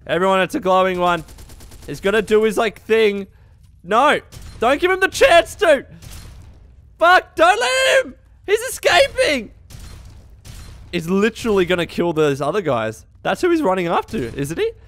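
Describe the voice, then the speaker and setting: Sweary, excitable young male gamer. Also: sits high, unhurried, pauses often. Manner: swearing, exasperated, shouting at enemies. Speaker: let's play gamer. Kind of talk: gameplay commentary.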